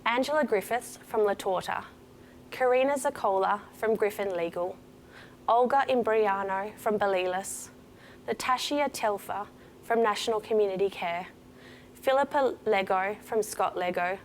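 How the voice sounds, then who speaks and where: A woman's voice: mid-range voice, moderate pace, slight background noise. A woman giving an emphatic, rousing motivational speech to award finalists. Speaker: awards speaker.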